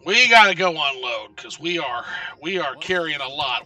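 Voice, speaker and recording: A man streaming a video game, talking casually and excitably to his chat and swearing often. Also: on the high side, moderate pace, distant mic. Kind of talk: casual live gameplay commentary.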